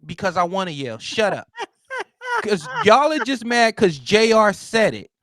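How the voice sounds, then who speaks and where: A man with a notably high voice holds forth as a podcast guest, emphatic and blunt, pushing his points loudly. He is recorded close on a dry studio mic. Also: very animated, unhurried, dry recording. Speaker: guest commentator. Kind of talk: heated podcast talk.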